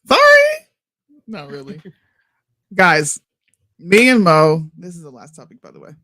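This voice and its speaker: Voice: mid-range voice, a little slow, a bit bright, no echo. A podcast co-host in a casual chat, making sarcastic, dry jokes about the news.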